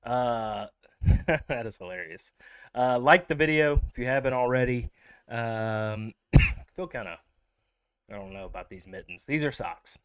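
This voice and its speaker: Slow-talking rambling male host. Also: medium pitch, animated, smooth. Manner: rambling, with many fillers. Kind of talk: casual livestream chat.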